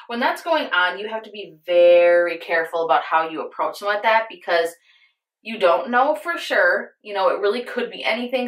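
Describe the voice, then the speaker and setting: A woman's voice: mid-range voice, a bit bright. A young woman beauty vlogger chatting to viewers while getting ready, telling an earnest personal story and calling her audience "you guys". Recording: roomy echoey room.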